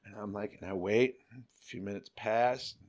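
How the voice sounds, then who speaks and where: A middle-aged man telling a story in a casual chat, animated and profane, acting out the people he quotes. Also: lowish voice, normal speed. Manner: animated, swearing, acts out quotes in other voices. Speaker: podcast guest.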